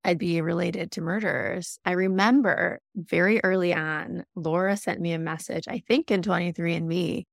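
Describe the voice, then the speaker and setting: A woman's voice: fairly low pitch, fairly even intonation, moderate pace, gravelly, hardly any pauses, no echo, clean studio sound. A woman in her thirties chatting candidly in a grateful, easygoing way. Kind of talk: candid casual chat.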